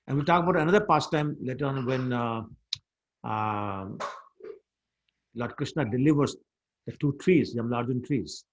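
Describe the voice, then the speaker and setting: Husky male teacher, lively storytelling, mid-range voice, fields student questions. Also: mid-range voice, moderate pace. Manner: animated storytelling, mixing in Hindi words. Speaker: scripture class teacher. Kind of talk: storytelling scripture lesson.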